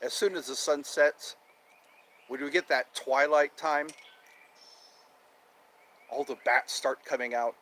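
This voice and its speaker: A man's voice: medium pitch, fairly even intonation, slow, pauses often, a bit bright, a little hiss or hum. A man hosting a casual live stream outdoors, cheerful and chatty, repeating himself as he greets viewers. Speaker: livestream host. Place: outdoors in nature with birdsong. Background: birds chirping.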